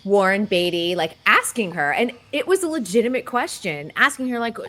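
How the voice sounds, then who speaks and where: Animated woman telling showbiz stories. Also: medium pitch, normal speed. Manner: animated storyteller, filling with "like". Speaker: co-host. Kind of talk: casual chat.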